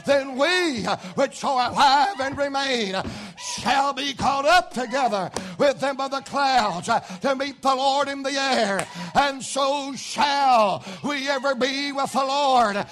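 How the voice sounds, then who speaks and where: A man preaching a revival sermon, folksy in his stories and building to fervent shouts. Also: very high voice, slow pace, few pauses, faint music behind. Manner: folksy storytelling.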